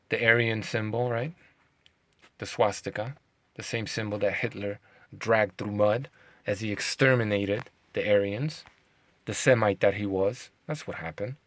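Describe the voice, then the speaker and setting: A man's voice: lowish voice, normal speed, dry recording. A man hosting his own video in a casual monologue, sarcastic, firing off rhetorical questions and muttering swearing asides. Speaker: video host.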